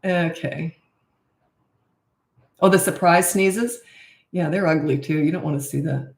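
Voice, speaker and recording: A woman's voice: deep voice, measured pace, gravelly. A middle-aged woman hosting a casual live Q&A as a parenting coach. She reads out viewer questions and answers them frankly and chattily into a camera mic. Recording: roomy echo.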